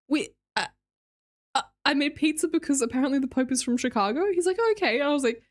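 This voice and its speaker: A woman's voice: high-pitched, fast. A young Australian woman streamer chatting casually with her viewers, reading their messages aloud and laughing often. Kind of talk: casual chat with live chat readers.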